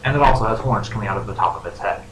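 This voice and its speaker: A man's voice: on the low side, very fast, fairly bright tone. A man running a tabletop role-play game as game master, narrating casually with rambling fillers, in an echoey room with faint noise.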